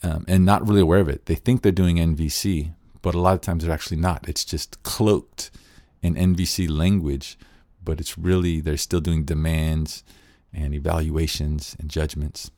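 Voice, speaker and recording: Deep-voiced man teaching, dry close sound. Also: level tone, normal speed, dark tone, no echo. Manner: earnest, thinking aloud with frequent restarts. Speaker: teacher of nonviolent communication. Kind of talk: casual spoken teaching.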